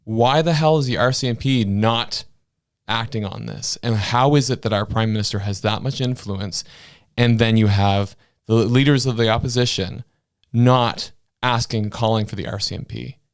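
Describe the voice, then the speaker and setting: A man's voice: mid-range voice, moderate pace. A man from Canada's Maritime provinces co-hosting a political podcast, blunt and passionate, with crude jokes. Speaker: podcast co-host. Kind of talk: political commentary chat.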